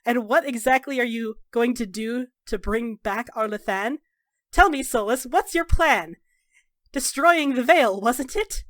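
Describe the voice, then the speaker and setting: A woman voicing a volatile young elven mage man who shouts bitter accusations. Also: fairly high pitch, fairly even intonation, moderate pace, few pauses, no echo, studio quality, lightly acted. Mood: accusing.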